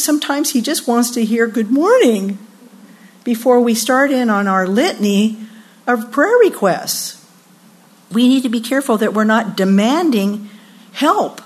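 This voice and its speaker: A woman in her sixties giving a sermon at a women's retreat, expressive and acting out voices when she quotes people. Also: on the high side, breathy edge.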